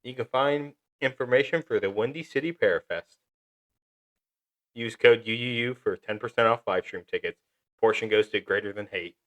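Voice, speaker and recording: A man's voice: fairly low pitch, moderate pace, fairly bright tone. A young man co-hosting a podcast, chatting casually and reading announcements in an upbeat, chatty way with fillers. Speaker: podcast co-host.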